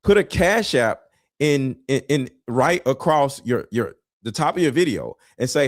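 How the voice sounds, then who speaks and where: A man giving blunt, preachy reaction commentary, swearing and sometimes shouting. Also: mid-range voice, big pitch swings, unhurried, no echo, studio quality. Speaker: commentary vlogger reacting to clips.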